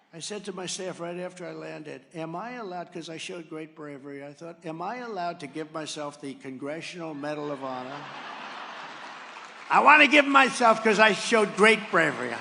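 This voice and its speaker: An older man telling a rambling, boastful story as a rally speech, swinging from quiet asides to loud punchlines. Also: a little high, vocal fry, a little hiss or hum. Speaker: political speaker at a rally. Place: large rally venue.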